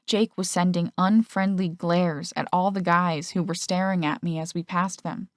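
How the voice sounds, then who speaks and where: A woman's voice: level tone, normal speed, hardly any pauses, no room sound, studio quality. A woman reading a first-person audiobook, giving the characters' lines small shifts of voice. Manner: reads male and female characters' lines with shifts in pitch. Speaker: audiobook narrator.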